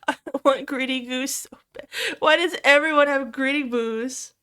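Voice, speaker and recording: A young adult woman streamer chatting casually with viewers, excitable, swearing freely and squealing over cute things. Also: high-pitched, a little slow. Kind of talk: casual livestream chat with viewers.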